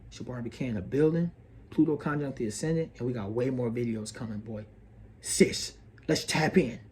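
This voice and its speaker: A man's voice: medium pitch, a little fast, darkish tone. A man hosting an astrology video, earnest and preachy, repeating phrases and calling the listener bro and sis. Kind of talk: motivational astrology monologue.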